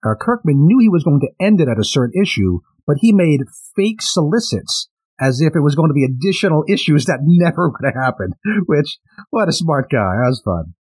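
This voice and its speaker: Man, husky voice, somewhat high pitch, lively intonation, casual podcast analysis. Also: fairly quick. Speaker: podcast co-host.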